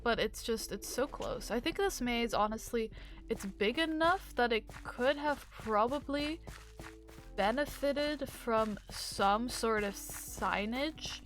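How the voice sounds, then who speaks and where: A woman's voice: fairly high pitch, slow pace, soft background music. Upbeat woman narrating her gameplay. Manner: chatty, upbeat, rambling asides. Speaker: gaming video host. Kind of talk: casual game commentary.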